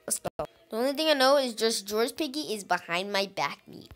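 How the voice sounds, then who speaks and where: An excitable woman with a fairly high voice gives running let's-play commentary. She talks directly to her viewers and keeps breaking into exclamations. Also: a little fast, soft background music. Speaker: gaming channel host.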